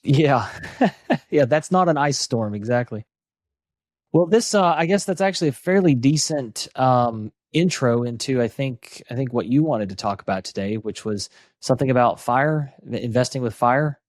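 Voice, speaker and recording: This podcast co-host is a man with an East Tennessee accent who keeps the chat casual and joking, restarting often. His medium-pitched voice has lively intonation and a moderate pace, captured with clean studio sound and no echo.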